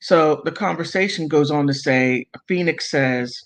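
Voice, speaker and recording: A man with a somewhat high voice reads out messages and comments on them at a slow, unhurried pace. He halts often, trips over words and stops to exclaim in disbelief, sounding like a commentary host talking to his viewers. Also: a bit bright, low-quality recording. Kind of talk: reading messages aloud with commentary.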